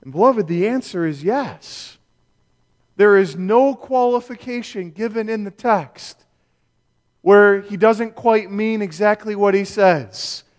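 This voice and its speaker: A male pastor preaching a sermon, measured and emphatic, with rhetorical questions. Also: sits high. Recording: long reverb of a church hall.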